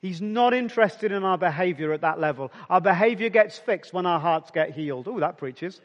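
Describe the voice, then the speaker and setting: A man delivers a conversational sermon to his congregation, his voice sitting high for a man. He talks personally and directly, often sinking to a soft near-whisper to press a point home. A long reverb trails each phrase. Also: expressive, a little fast, lo-fi sound. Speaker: pastor.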